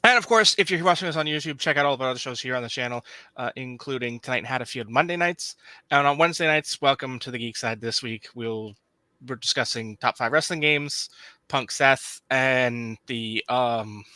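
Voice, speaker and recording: A man's voice: medium pitch, moderate pace, sharp tone, dry recording. A man hosting a podcast, chatting casually and reading channel promos with upbeat asides. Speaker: podcast host.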